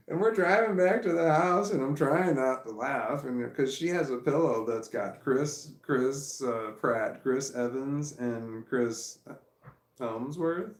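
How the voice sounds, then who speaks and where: A man's voice: mid-range voice, a little slow. A middle-aged man telling a rambling story in a casual vlog, often breaking into laughter mid-sentence. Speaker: vlogger. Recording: echoey room.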